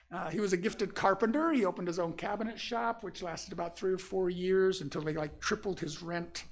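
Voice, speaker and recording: High-pitched and folksy, an older man from Florida ministers from a church sanctuary, telling personal stories as his sermon. He takes it easy, pausing often and filling gaps with fillers.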